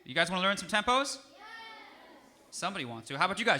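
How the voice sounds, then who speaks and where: A man who is a musician teaching a young audience, lively and encouraging as he coaxes them to answer. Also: sits high, quick pace, a faint crowd. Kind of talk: interactive music lesson for kids.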